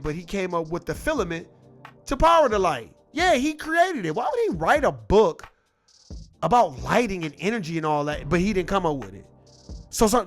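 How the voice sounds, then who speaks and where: A man rants in a high, lively voice that swings up and down as he fires off rhetorical questions. His talk is casual, slangy and repetitive, and he keeps pushing his point. Faint music plays behind him. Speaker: political commentator. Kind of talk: casual ranting monologue.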